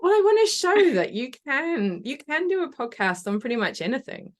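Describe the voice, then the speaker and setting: A woman's voice: high voice, sing-song, moderate pace. A woman guest in a casual podcast interview, talking in a chatty, enthusiastic way and laughing often.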